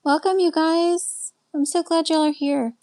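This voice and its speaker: A woman's voice: very high voice, fairly even intonation, measured pace, a little mellow. A Texan woman hosting a casual live stream, chatting and greeting viewers as she answers their comments one by one. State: winding down, a little tired. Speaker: live stream host and life coach. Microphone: webcam.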